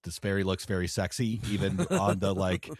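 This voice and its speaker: A man's voice: low voice, fairly even intonation, a little fast, no echo, clean studio sound. A man co-hosting a tabletop game podcast, chatting casually and joking, often chuckling as he rambles through his points. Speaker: podcast co-host, game master.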